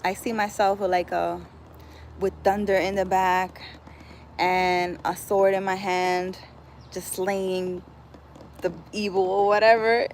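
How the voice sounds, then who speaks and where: A woman's voice: mid-range voice, level tone, takes it slowly, long pauses, a little mellow, a little hiss or hum. A woman chatting casually on a livestream as a spiritual healer, laughing often and slipping in Spanish exclamations.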